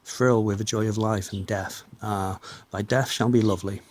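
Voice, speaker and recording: A man giving a measured, declamatory reading of an old religious text. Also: fairly low pitch, steady tone. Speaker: reader.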